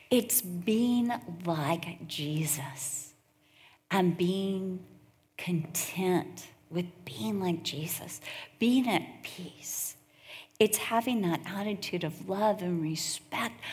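A middle-aged woman preaching a sermon, earnest and storytelling, with slow drawn-out emphasis. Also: lowish voice. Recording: echoey hall.

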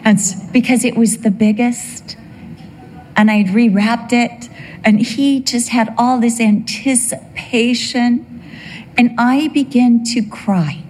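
A woman's voice: fairly high pitch, fairly even intonation, slow, a little mellow, a little hiss or hum. An older woman telling a humorous personal story that turns into a sermon, acting out the voices she quotes. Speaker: speaker giving a testimony.

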